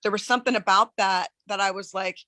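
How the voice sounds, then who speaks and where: A woman on a live coaching call, talking in an earnest, searching way with many halting restarts. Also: mid-range voice, steady tone, pushed and bright, no echo. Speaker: coaching client.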